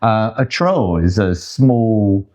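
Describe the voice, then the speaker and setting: An older man talks in a very low voice, loose and chatty. He wanders off on tangents and makes fun of himself. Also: animated, slow, darkish tone, lo-fi sound. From England. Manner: chatty, rambling, self-deprecating. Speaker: co-host. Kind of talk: casual chat.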